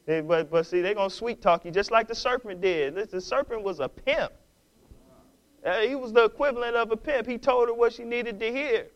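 High-voiced man preaching a sermon. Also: a little fast, lo-fi sound. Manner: exhorting, repeats and restarts words, builds to loud passionate preaching. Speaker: pastor.

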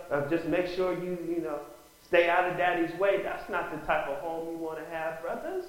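Male pastor mid-sermon, higher-pitched voice, calls out "Amen?" to the flock, heavy room echo. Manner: preaching with call-outs of "Amen?" and rising bursts of emphasis. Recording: very echoey room.

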